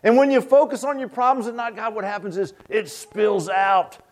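A man delivers a sermon in a folksy, emphatic way. His voice sits somewhat high and rises and drops sharply as he drives his points home. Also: fairly even intonation, moderate pace. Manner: folksy, emphatic, dramatic swings in pitch. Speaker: preacher.

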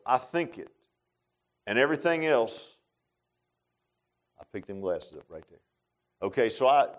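A male pastor preaches with an animated, informal style, often repeating words and cracking jokes aside to the congregation. His voice sits on the low side.

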